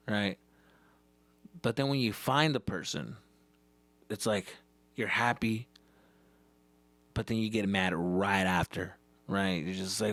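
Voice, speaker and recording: A man's voice: medium pitch, dry recording. A man hosting his own comedy podcast, telling stories in loose, profane chat that mixes in Spanish words. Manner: animated, swears constantly, mixes in Spanish. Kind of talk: casual profane storytelling.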